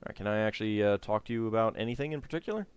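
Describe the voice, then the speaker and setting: A man's voice: fairly low pitch, rapid-fire, clear, resonant tone, dry recording. A man hosting a let's play, giving casual game commentary in offhand, wry asides.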